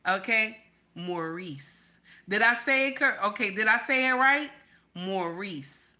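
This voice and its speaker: A woman's voice: fairly high pitch, brisk, sharp tone. A woman hosting a casual livestream, chatty, calling viewers baby and honey and repeating herself for emphasis. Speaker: livestream host.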